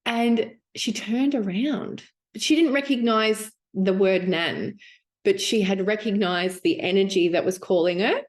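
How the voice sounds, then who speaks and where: Unhurried woman, spiritual teacher, musing and casual. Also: mid-range voice. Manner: slow, musing, with many fillers and restarts.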